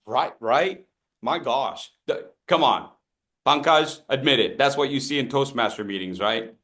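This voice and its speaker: A man's voice: medium pitch, a little slow. A man leading a speaking workshop, calling out upbeat instructions and joking with the group. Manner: upbeat, animated, jokes with the group; calls out instructions and audience names. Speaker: speaking coach. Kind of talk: interactive coaching workshop.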